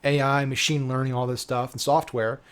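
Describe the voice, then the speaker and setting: A man's voice: mid-range voice, level tone, moderate pace, smooth. A man giving a casual, emphatic marketing lesson, often checking in with "right?" and swearing casually. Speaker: digital marketing coach. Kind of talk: casual instructional talk.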